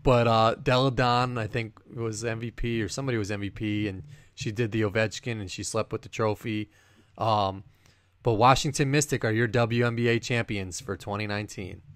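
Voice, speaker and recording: A man co-hosting a sports podcast in casual chat, rambling and animated, laughing often. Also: lowish voice, normal speed, clean tone, no echo. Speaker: podcast co-host.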